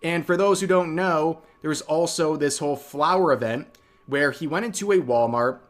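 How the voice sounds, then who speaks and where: A man's voice: on the high side, normal speed. Dry, sarcastic male commentary host.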